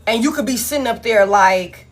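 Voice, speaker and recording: Husky woman w/ aave doing a tarot reading, cussing, blunt, animated. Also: a little high, moderate pace. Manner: blunt, profane, animated storytelling. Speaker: tarot reader. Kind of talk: casual collective tarot reading.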